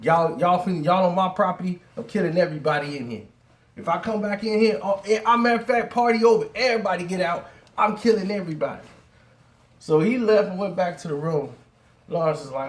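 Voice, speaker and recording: A man telling a street story in slangy, lively talk, with laughing asides and acted-out voices. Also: high voice, brisk. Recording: roomy echo.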